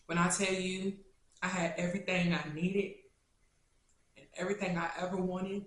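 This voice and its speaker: A young adult woman vlogger answering questions in a casual, chatty, animated way. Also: fairly low pitch, moderate pace. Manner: chatty and animated, turning tender and choked up. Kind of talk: casual Q&A chat to camera. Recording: echoey room.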